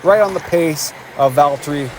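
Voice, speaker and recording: A male race commentator with a slightly higher-than-average voice, calling the action play by play. His delivery is energetic and excitable, and a faint hum of noise sits behind him. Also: moderate pace.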